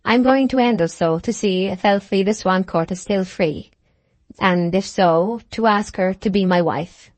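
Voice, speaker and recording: Read by a woman, a composed older gentleman who talks slowly and with firm decision, sounding faintly superior. His lines land with calm authority in a dry, close audiobook recording. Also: high-pitched, no room sound, natural voice. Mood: resolute. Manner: slow, resolute, supercilious.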